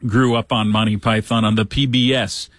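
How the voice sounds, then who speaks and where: A man hosting a talk show, reading a news story aloud with sarcastic asides and lively quoting. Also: lowish voice, moderate pace, no room sound. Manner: sarcastic, animated when quoting others. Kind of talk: casual commentary reading news.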